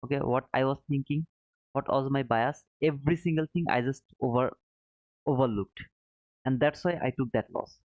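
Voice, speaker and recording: A man's voice: medium pitch, moderate pace, no echo. A man hosting a live trading stream, talking to his viewers in an apologetic, self-critical way, often restarting his sentences. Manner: apologetic, self-critical, frequent restarts, non-native phrasing. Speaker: livestream trading host. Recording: dry, tinny phone-like sound.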